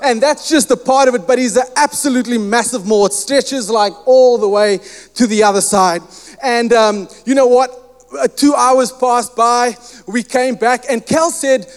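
A man preaching a sermon, telling a personal story and acting out the dialogue in lively fashion. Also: very high voice, normal speed, clean tone, in a large hall. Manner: animated storyteller who acts out quoted dialogue.

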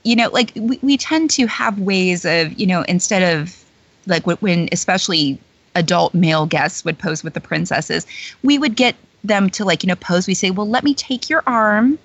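A woman's voice: fairly low pitch, normal speed, dry recording. A woman who is a guest on an interview show, telling anecdotes in chatty, casual talk full of fillers and frequent laughter. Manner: chatty storyteller, many fillers, laughs often. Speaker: guest, former theme-park character performer. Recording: dull lo-fi dry recording.

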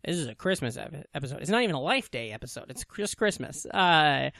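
A man's voice: fairly high pitch, very animated, fast, creaky, bright, forceful tone, no room sound, studio quality. A man co-hosting a podcast, chatting casually, swearing and joking and laughing often. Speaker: podcast co-host. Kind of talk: casual banter. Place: apartment in New York.

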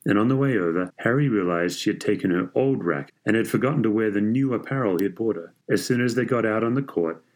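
A man reading a story aloud in a measured, even way. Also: lowish voice. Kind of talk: scripted story narration.

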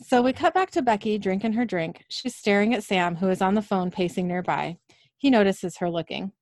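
A woman co-hosting a podcast, briskly recapping a show's scenes and reading the dialogue aloud, laughing often. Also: medium pitch, a little mellow, dry recording, studio quality. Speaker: podcast co-host recapping episodes. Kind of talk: casual recap with read-out dialogue.

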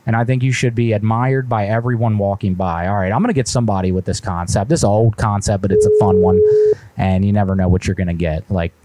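A man's voice: lowish voice, fast, background noise. Folksy mock-indignant male prank caller. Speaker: prank call show host. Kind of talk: live-streamed prank calls and chat.

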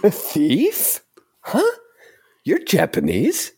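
Casting: man voicing a high-pitched indignant boy who is accused of theft, for a read-through. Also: wildly swooping pitch, extremely slow, dark tone, husky, exaggerated voice.

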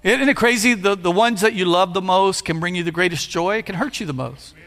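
A man in his fifties, a pastor, preaching a playful sermon that builds to shouts. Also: high voice, fairly quick. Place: church sanctuary. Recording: long hall reverb.

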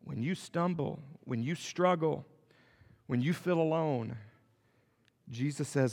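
A middle-aged male pastor preaching a sermon, swinging between loud and soft and asking the congregation rhetorical questions. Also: fairly high pitch, slow pace, pauses often, big-room sound.

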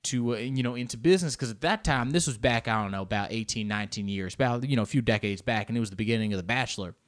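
A man voicing a shady male diamond dealer who pitches his goods in a low, soft, smooth sales patter. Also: racing, close to an everyday voice. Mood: smooth-talking.

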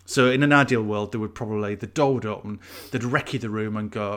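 A man's voice: fairly low pitch, a little fast, few pauses, a bit bright. A man, co-hosting a casual chat and explaining things at length with fillers.

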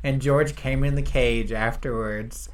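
Excitable man in casual podcast chat. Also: medium pitch, measured pace. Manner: excitable, laughs often, swears casually. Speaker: podcast co-host.

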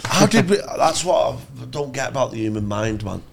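A man's voice: mid-range voice, a little fast, gravelly, heavy background noise. A man, co-hosting a podcast, telling a rambling comic story full of swearing and acted-out voices. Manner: sweary, animated, acts out voices. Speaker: podcast co-host.

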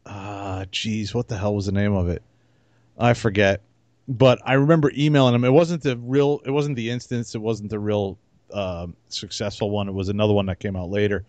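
Relaxed rambling man on a podcast. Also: on the low side, normal speed, dry recording. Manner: relaxed, rambling, many restarts and fillers. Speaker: podcast co-host. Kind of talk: casual chat.

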